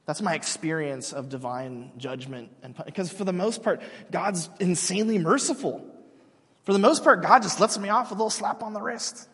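A man's voice: sits high, normal speed, fairly bright tone, slightly rough. A man in his thirties preaching a sermon, telling stories in a casual, joking way with many restarts. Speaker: pastor. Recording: long hall reverb.

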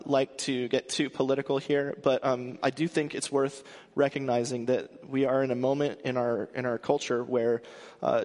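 A man preaching a sermon in a casual way, often restarting and filling pauses. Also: mid-range voice, big-room sound. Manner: conversational with frequent restarts and fillers. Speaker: pastor.

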